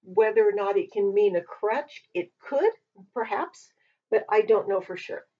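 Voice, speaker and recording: Woman walking through hebrew letters, breathy voice, kinda far off the mic and muffled. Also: medium pitch, measured pace. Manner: thinking aloud, hedging and self-correcting. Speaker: Hebrew teacher. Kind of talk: informal language lesson. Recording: dull lo-fi mic from a distance.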